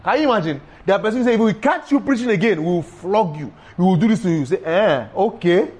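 A man preaching a sermon, emphatic and repetitive, breaking into sudden high exclamations. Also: animated, quick pace, darkish tone, slightly rough.

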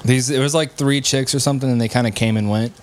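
A man's voice: medium pitch, fairly even intonation, fast. A man co-hosting a podcast, telling a story in casual chat with lots of swearing. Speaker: podcast co-host.

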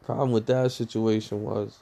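A young man telling a personal story in a rambling, profane, animated way, full of fillers. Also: on the low side, normal speed, creaky. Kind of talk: casual storytime rant.

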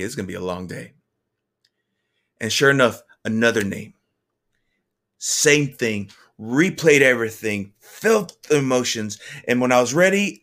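A man of ordinary pitch tells a personal faith testimony. His delivery is earnest and halting, with sentences that stop and start again. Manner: earnest and halting, with frequent restarts.

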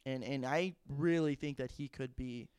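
A man's voice: mid-range voice, moderate pace, darkish tone, clean tone, dry recording, clean studio sound. A man co-hosting a podcast, chatting about sports in an enthusiastic, emphatic way, often restarting his sentences. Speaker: podcast co-host. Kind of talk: casual sports chat.

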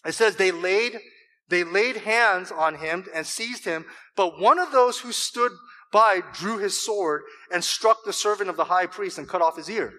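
A man preaching a sermon, animated, acting out scripture quotes with emphasis and joking with the congregation. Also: high-pitched, unhurried, low-quality recording. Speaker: pastor.

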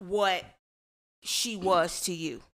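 A woman's voice: on the low side, steady tone, slow, fairly bright tone. A woman co-hosting a podcast, explaining her view emphatically in casual chat and often restarting her sentences. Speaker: podcast co-host.

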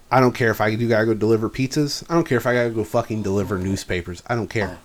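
A man co-hosting a podcast, talking casually and bluntly, heavy on swearing as he vents about his job. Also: fairly low pitch. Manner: blunt and profane, venting about work. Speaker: podcast co-host. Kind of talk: casual chat.

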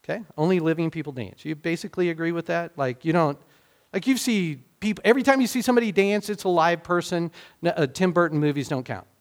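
A male pastor giving a sermon in a conversational way, often restarting phrases and swinging between loud emphatic bursts and quiet asides. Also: a little high, fast talker.

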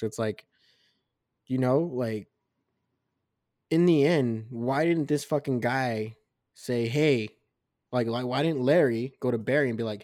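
A man in his twenties on a casual podcast, telling a rambling, profanity-heavy story about his military days, with tipsy, animated storytelling. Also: medium pitch, no echo, studio quality. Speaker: podcast co-host. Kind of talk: casual drunk storytelling chat.

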